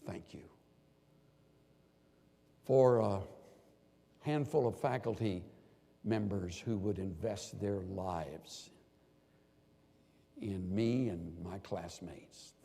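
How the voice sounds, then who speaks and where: An older man delivers a sermon with a gravelly, husky voice. He speaks earnestly and animatedly, sometimes acting out pleading quotes. A long reverb from a large hall trails after his words. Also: deep voice, slow, pauses often, mellow. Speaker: preacher.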